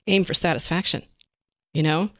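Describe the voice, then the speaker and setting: A woman's voice: deep voice, fairly even intonation, moderate pace, fairly bright tone, dry recording, clean studio sound. A woman dietitian talking animatedly in an interview, laughing often and acting out what her patients say. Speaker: dietitian guest. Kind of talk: conversational interview.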